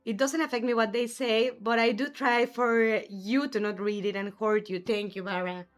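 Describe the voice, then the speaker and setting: Woman, game streamer, casual chat, replies to viewers, soft music underneath. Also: a little high, steady tone, normal speed. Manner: chatty, answers viewers' chat messages. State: has the hiccups. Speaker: livestream gamer host.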